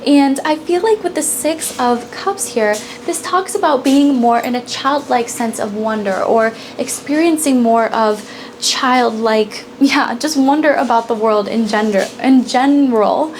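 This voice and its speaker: A woman's voice: a little high, a little slow, a little hiss or hum. A woman giving a casual pick-a-card tarot reading, bubbly and giggly, laughing often between sentences. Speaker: tarot reader.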